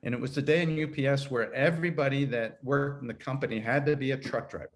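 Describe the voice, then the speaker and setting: Speaking fast in a mid-range voice with fairly even intonation, a sixty-something HR consultant is the guest in a conversational interview. He recounts his career in a wandering, self-correcting way, quick to laugh.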